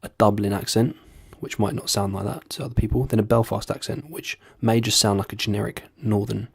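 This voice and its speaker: A man's voice: on the low side, flat delivery, fairly quick, vocal fry, slightly rough, no room sound, studio quality. A young man chatting casually to camera in a rambling, sweary, self-deprecating way. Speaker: vlogger doing accents.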